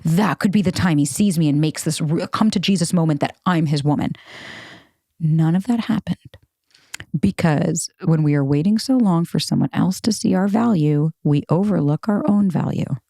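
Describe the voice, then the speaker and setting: A woman in her thirties hosts a solo podcast and tells her own story in a casual, unfiltered way. Her voice sits on the lower side, and she swears freely while acting out old text messages. The sound is close and dry, with no room around it. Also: normal speed, vocal fry, warm tone, no echo. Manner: casual, candid, swears freely, acts out texts. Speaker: podcast host.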